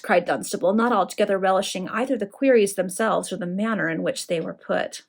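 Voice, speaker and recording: A woman reading a novel aloud to friends in a lively, expressive way. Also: medium pitch, fairly quick, creaky, hardly any pauses. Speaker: reader.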